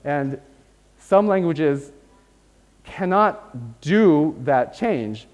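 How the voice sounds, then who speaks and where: A man's voice: a little high, lively intonation, very slow, darkish tone. Lecturing man in a reverberant hall. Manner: explanatory, checks in with "right?" often. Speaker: university lecturer. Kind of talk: academic lecture.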